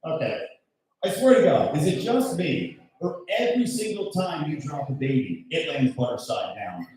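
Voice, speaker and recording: A man in his thirties does loud, brash stand-up comedy and keeps working the crowd. His voice swings up and down, and he sits a little high for a man. The live mic sounds far off and the room booms with echo. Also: sing-song, normal speed. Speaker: stand-up comedian hosting the show. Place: comedy show in a golf club venue. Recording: echoey room, mic heard from afar.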